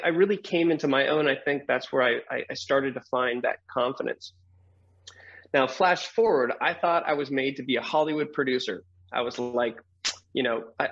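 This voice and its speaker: A middle-aged man, a guest on an interview show, telling a personal story in a lively way, acting out the voices of people in it and laughing often. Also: on the high side, slightly rough, highs cut off.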